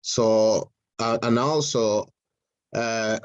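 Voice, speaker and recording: Spanish-accented guy on a video call, lowish voice, dull dry sound, lots of uhs. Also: very slow, no echo. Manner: hesitant, many fillers and restarts. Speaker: mentoring session participant. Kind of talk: casual group video call.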